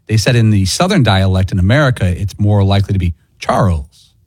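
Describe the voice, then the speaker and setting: A man on a sports radio show calmly explaining what he looked up. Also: lowish voice, breathy edge, no echo, studio quality. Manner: measured, explanatory. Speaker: co-host.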